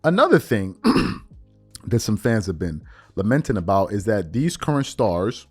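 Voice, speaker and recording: A low-pitched man running a casual podcast monologue, talking with lively swings in his voice. He repeats phrases for emphasis and pushes up toward near-shouting when something bothers him, with faint music underneath. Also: unhurried, husky. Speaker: podcast host.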